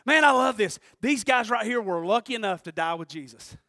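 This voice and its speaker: A man preaching a sermon, who swings between shouting and quiet, intense passages and calls out to the congregation. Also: sits high, lively intonation, fairly quick, creaky, no echo, clean studio sound. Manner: preaches with call-and-response asides to the congregation. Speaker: pastor.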